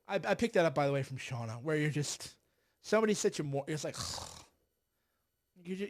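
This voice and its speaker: A middle-aged man with a high-pitched voice hosts a political livestream. He sounds sarcastic and exasperated, sighs often, and mocks the people he talks about. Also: expressive, moderate pace, long pauses. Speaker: livestream host.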